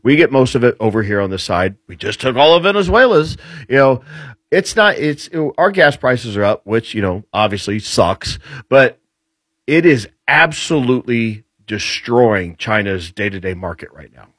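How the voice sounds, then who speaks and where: A man speaking as a guest commentator on military affairs, laying out his points in a lively, rambling way. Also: medium pitch, moderate pace, no room sound. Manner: lively explainer, rambling with restarts. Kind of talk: casual political talk.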